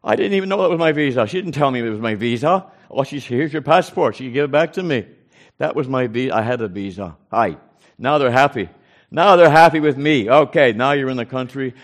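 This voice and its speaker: A preacher telling a personal story in a folksy way, acting out the dialogue of the people in it. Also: male voice, mid-range voice, a little fast. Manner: folksy, animated retelling with quoted dialogue. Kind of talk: storytelling testimony.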